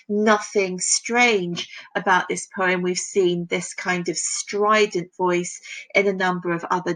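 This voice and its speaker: A woman teaching a poetry lesson, reading lines aloud and explaining them in a measured way, often checking in with rhetorical questions. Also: medium pitch, fairly bright tone, poor audio. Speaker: literature teacher.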